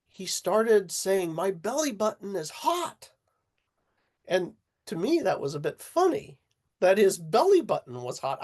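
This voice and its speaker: A man telling a personal story in an interview, halting in places and acting out the voices of the people in it. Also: sits high, creaky. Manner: halting, animated storyteller who acts out quoted voices. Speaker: interview guest. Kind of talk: casual storytelling.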